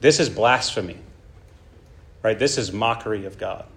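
A man's voice: on the low side, measured pace, pauses often. A man preaching a sermon in an emphatic way, often checking in with his listeners. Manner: emphatic, checks in with "right?" and "okay?".

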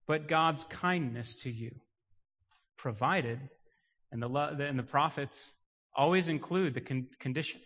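A man preaching a sermon, swinging from quiet emphasis to loud, rising declarations. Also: mid-range voice, unhurried. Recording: muffled sound with long hall reverb.

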